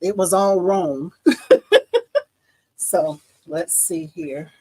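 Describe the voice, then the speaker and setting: A woman's voice: on the low side, slow, mellow, husky, low-quality recording. A middle-aged woman hosting a casual live embroidery demo, chatting with viewers and laughing often. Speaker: embroidery livestream host.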